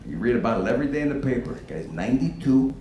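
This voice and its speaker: A man delivering a stand-up set in a brash, profane manner, his pitch swinging widely as he talks. His voice rings through an echoey room over loud background noise. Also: quick pace. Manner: brash and profane, with animated bursts. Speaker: stand-up comedian. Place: comedy stage before a live audience.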